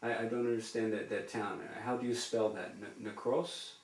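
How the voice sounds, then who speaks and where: A man interviewing, who asks his questions haltingly and repeats himself. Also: on the low side, fairly even intonation. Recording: roomy room sound.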